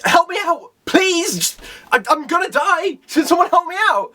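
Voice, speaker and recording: A worn-out young fighter pleads for rescue in a high, strained voice, put on by a man reviewing a comic. The pitch jumps far above the speaker's normal range. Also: lively intonation, normal speed, sharp tone, heavily acted. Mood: pleading. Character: desperate young male fighter begging for help.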